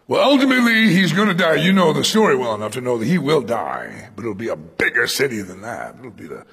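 Gravelly-voiced male preacher, lively delivery. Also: medium pitch, big-room sound. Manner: animated, acts out quoted speech with sudden loud bursts. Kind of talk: expository sermon on Acts. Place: room with a congregation.

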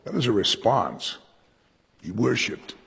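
Husky pastor preaching in a reverberant hall. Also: male voice, medium pitch, sing-song, slow, fairly bright tone. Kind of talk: verse-by-verse Bible teaching sermon. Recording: echoey hall with long reverb.

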